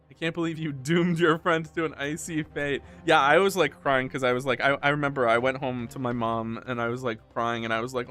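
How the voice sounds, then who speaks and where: A man's voice: mid-range voice, steady tone, a little fast, few pauses, fairly bright tone, faint music behind. A young man streaming a game, chatting casually and telling a rambling story with frequent laughter. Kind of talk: casual let's-play chat.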